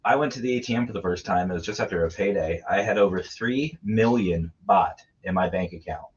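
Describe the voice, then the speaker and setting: A man's voice: low-pitched, a little fast, breathy edge. A man telling crude, laughing travel stories in a casual podcast chat. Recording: dull lo-fi sound.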